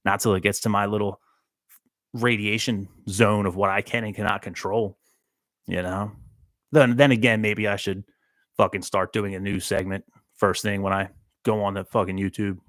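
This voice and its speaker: A man's voice: on the low side, fairly bright tone, dry recording, clean studio sound. A man hosting a rambling solo stream, talking in a profane, introspective, self-questioning way. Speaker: host. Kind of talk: rambling solo livestream monologue.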